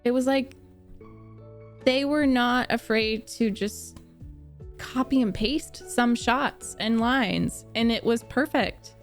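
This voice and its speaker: A young woman streamer chatting casually with live viewers, gushing, animated and laughing often as she answers their comments. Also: on the high side, slow pace, faint music behind. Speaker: streamer reacting to a book series.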